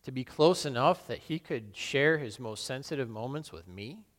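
A man playing the apostle Peter, a burly fisherman full of guilt, in a solemn, halting dramatic monologue. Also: medium pitch, expressive, natural voice. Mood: remorseful. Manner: solemn, halting and self-questioning. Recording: long reverb in a large hall.

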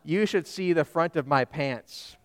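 A man voicing a calm male airline captain making an intercom announcement. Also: fairly high pitch, unhurried, in a large hall, natural voice. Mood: reassuring.

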